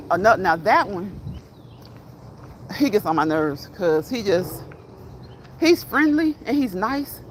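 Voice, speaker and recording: Strolling down a busy street, a middle-aged woman rambles chattily to her livestream viewers and reads their chat, filming on her phone. Her voice is mid-range, the audio poor, with traffic and street noise clearly heard.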